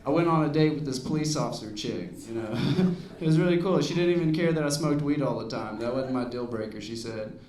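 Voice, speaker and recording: A man's voice: medium pitch, a little fast, few pauses, a little mellow, recorded from a distance. A man in his thirties doing a stand-up set on a club stage, rambling along with lots of "you know"s. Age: 30s. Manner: laid-back rambling delivery with many "you know"s. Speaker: stand-up comedian. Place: comedy club stage with audience. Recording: roomy club recording with crowd laughter. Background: audience laughing.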